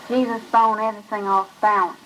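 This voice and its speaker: A woman reading the lines of a cold, brooding male outlaw, in a flat, grim rural drawl. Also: mid-range voice, brisk, a little hiss or hum, natural voice, rough recording.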